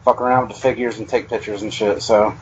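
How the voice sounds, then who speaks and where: Relaxed man with lots of fillers. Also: on the low side, fast, a loud crowd. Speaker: guest. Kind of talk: casual chat. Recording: lo-fi call audio.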